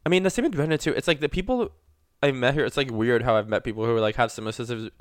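A young man with a mid-range voice co-hosts a podcast, talking rapid-fire in a casual, animated chat that rambles with lots of filler words. The recording is dry, with clean studio sound.

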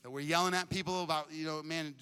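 A young adult man preaching a sermon as a pastor, telling a story in a casual, energetic way and often repeating words. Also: a little high, fast talker, clear, resonant tone. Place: church stage.

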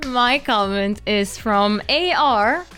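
A woman's voice: on the high side, expressive, slow pace, pushed and bright, clear, resonant tone. A woman co-hosting a casual video chat, dry and teasing. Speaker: co-host.

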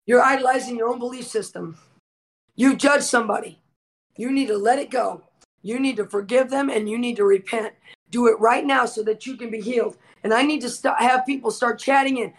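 High-pitched woman shouting fervent prayer. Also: brisk. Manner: commanding, repetitive shouted declarations. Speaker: guest minister.

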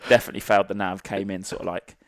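A man's voice: low-pitched, flat delivery, very fast, no room sound, studio quality. A man, a former army sniper, telling sweary, rambling anecdotes as a guest in a casual podcast interview. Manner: salty, sweary anecdotal storytelling.

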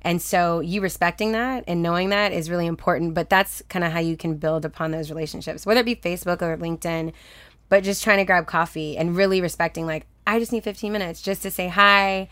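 A lively young woman with a fairly low voice tells a personal story in relaxed conversation. She laughs often and slips into the voices of the people she quotes. The recording is dry and close, with no room sound. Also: a little fast, clean tone, dry recording. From Texas. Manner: chatty, animated, laughs often, acts out quoted dialogue. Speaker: guest.

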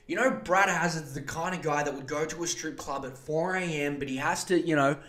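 A man's voice: on the high side, fairly quick, fairly bright tone. A man, hosting a podcast with a profane, sarcastic comedic rant. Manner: sarcastic, mocking, slips into impressions. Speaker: podcast host.

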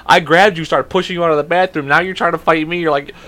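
A young man in his twenties co-hosting a podcast, telling a story in a casual, animated and profane way and acting out the quotes. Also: fairly high pitch, fast. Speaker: podcast co-host.

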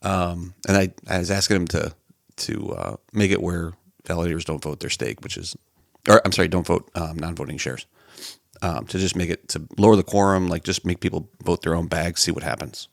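A man co-hosting a podcast in casual chat, quick and halting with many restarts. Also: low-pitched, vocal fry, dry recording, studio quality. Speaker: podcast co-host.

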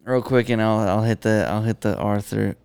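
Gravelly young man joking on a podcast. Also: on the low side, fairly even intonation, normal speed, darkish tone, no echo. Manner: joking, crude, laughing. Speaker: podcast co-host. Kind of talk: casual chat.

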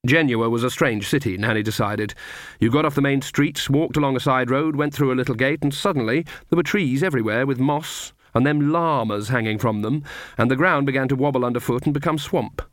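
A man reading a comic fantasy novel aloud in measured, scripted narration. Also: medium pitch, dry recording, studio quality. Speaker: audiobook reader.

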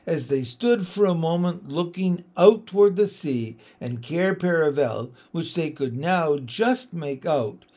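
Slow, expressive man reading a story. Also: on the high side. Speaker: audiobook reader. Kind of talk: storybook narration.

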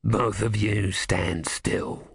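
Brief: male reader as a stern heavyset deacon, slow and low-pitched, in a dry booth. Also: little pitch movement, creaky, breathy edge, no room sound, full character voice.

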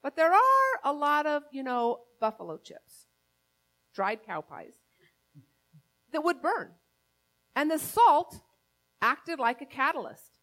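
A woman's voice: high voice, sing-song, slow pace, pauses often, a bit bright. A woman pastor preaching a sermon, telling a personal story in a conversational, earnest way.

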